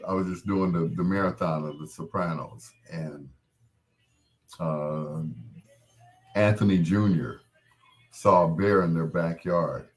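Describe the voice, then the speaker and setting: A middle-aged man with a low voice hosts a casual talk show, gently consoling a grieving listener in a meandering way with frequent restarts.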